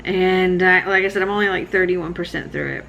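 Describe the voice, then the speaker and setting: A woman in her thirties giving a relaxed, rambling late-night book vlog check-in, sounding sleepy. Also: lowish voice, brisk, gravelly, muffled recording, slight background noise. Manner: relaxed, rambling, laughs often. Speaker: book vlogger.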